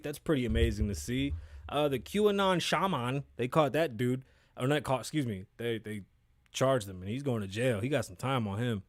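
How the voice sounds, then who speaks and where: A man's voice: medium pitch, dry recording, clean studio sound. A man hosting his own podcast, talking in a blunt, profane and rambling way with frequent asides. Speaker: podcast host. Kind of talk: casual solo commentary.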